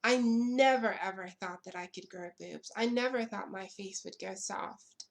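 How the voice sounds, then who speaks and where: Young woman, vlogger, impassioned commentary; unhurried, punchy repetition, swears freely. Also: medium pitch, creaky. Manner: emphatic, repeats lines for effect, blunt and profane. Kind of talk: impassioned direct-to-camera commentary.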